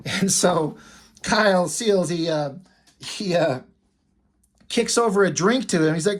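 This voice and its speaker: A man's voice: a little high, moderate pace. A man talking casually in a show-and-tell vlog, rambling, laughing often and swearing offhandedly. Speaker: video creator.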